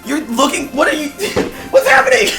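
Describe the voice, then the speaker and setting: Game master voicing a frantic young man, stammering, very high-pitched, faint background music. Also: big pitch swings, normal speed. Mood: panicked. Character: panicking young man losing control of his powers.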